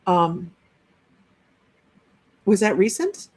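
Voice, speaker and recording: A woman's voice: medium pitch, big pitch swings, drawn-out words, a little mellow, breathy edge. A woman working as a psychic medium, giving a chatty live-streamed reading and relaying messages with frequent restarts.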